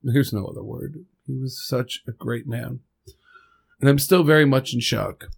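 Gravelly man, choked up. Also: mid-range voice. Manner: halting, rambling, with restarts. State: choked up, fighting tears. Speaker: podcast host. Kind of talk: emotional spoken tribute.

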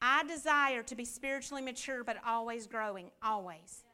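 A woman's voice: fairly high pitch, moderate pace, pushed and bright, clean tone. A woman teaching a church Bible class, preaching conversationally with many rhetorical questions.

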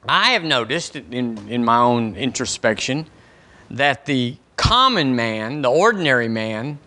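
A man's voice: medium pitch, pushed and bright. A man preaching a sermon as pastor of a church, in a folksy, conversational way, acting out questions people ask the Lord. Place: church sanctuary.

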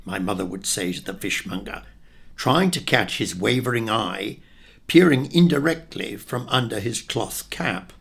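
An older man from England reads his own memoir with wry, reflective humour. His voice is heavily gravelly and rises and falls in a lively way. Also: medium pitch. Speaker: narrator. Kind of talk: memoir reading.

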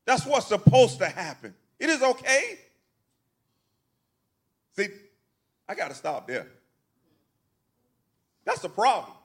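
A man's voice: high-pitched, bright, forceful tone, slightly rough. A pastor preaching a sermon in a church, talking to his congregation in a folksy, conversational way, asking them questions and repeating phrases. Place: church sanctuary.

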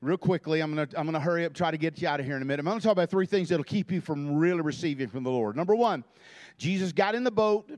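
A man's voice: on the high side, very fast, darkish tone. A man, preaching a fervent sermon as a guest preacher in a church. He repeats phrases and stammers through restarts as he builds his points. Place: church sanctuary.

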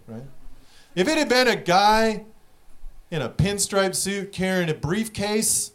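A young man doing a stand-up comedy set, telling stories in a profane, rapid way with act-outs, audience laughing behind him. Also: high voice, very animated, a bit bright.

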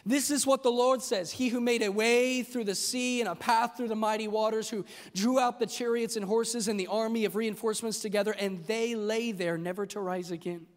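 Lively male preacher with a high voice, joking and then driving his point home, in a reverberant hall. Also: normal speed, hardly any pauses. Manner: animated preaching with humor, rising to emphatic shouts. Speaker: pastor. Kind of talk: sermon. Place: large church hall.

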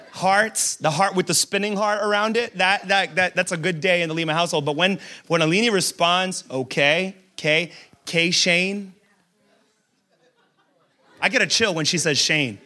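A man who is a pastor, preaching a sermon in a lively, humorous storytelling way, acting out quotes and repeating words as he builds a point. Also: sits high.

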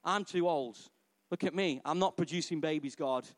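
A weary old man pours out his complaints to God, exasperated and worn down, as a preacher voices him in a sermon. His tone sits slightly high. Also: normal speed, long reverb tail, close to an everyday voice.

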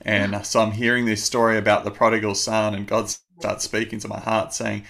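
A man in his thirties, a guest telling his personal testimony in an earnest, measured way with many fillers. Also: fairly low pitch, little pitch movement, vocal fry, a bit bright.

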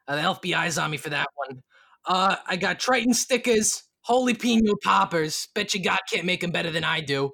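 A man's voice: sits high, normal speed, gravelly, exaggerated voice. A man voicing a sly, joking male tavern barkeep in a tabletop game. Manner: wisecracking, deadpan about shady food. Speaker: barkeep character.

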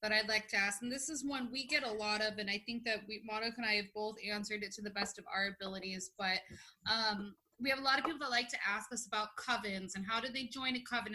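A woman with a fairly high, very bright voice asks a guest questions in a hesitant, rambling way. She is a podcast co-host and sounds casual. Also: fairly even intonation, fast talker, poor audio. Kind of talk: interview questions.

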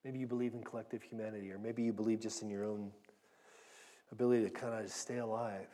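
A man's voice: lowish voice, steady tone, quick pace, dark tone, long reverb tail. A man preaching a conversational sermon, earnest and direct, often restarting and repeating his words. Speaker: pastor teaching a Bible passage.

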